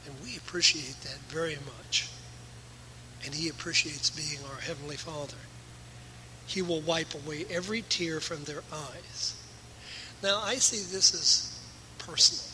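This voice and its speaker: A man's voice: a little high, bright, forceful tone, a little hiss or hum, rough recording. A male pastor delivering an earnest, emphatic sermon in a church, his volume rising and falling. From USA.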